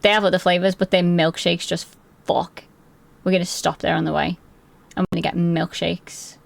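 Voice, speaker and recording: Excitable young woman streamer, gravelly. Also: fairly low pitch, normal speed. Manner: excitable, rambling, swears freely. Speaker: live streamer. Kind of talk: casual live-stream chat while gaming.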